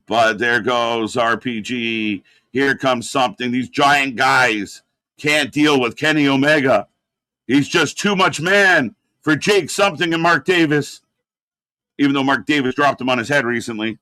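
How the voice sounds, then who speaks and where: A man's voice: mid-range voice, measured pace, bright, forceful tone, no echo. A man hosting a live watch-along, reacting and critiquing in a rambling, exasperated way with lots of fillers. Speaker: host.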